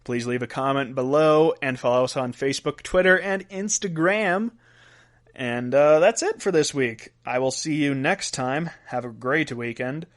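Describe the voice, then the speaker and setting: A man's voice: medium pitch, moderate pace. A man hosting a solo weird-news podcast, counting down a list and laughing at his own asides. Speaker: podcast host.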